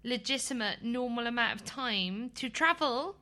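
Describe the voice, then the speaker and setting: A woman co-hosting a casual podcast, teasing and quick-witted, often laughing. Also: fairly high pitch, expressive, bright, forceful tone. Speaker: podcast co-host.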